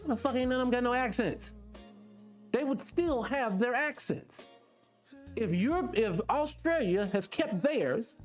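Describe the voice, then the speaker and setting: A middle-aged man hosting a radio show, talking casually to listeners with lots of rhetorical questions. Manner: animated, rhetorical questions, pitch jumps when excited.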